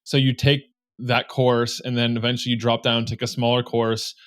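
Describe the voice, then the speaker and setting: A man's voice: medium pitch, little pitch movement, moderate pace, fairly bright tone. A man hosting an interview, prompting his guest with curious, conversational questions. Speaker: interview host.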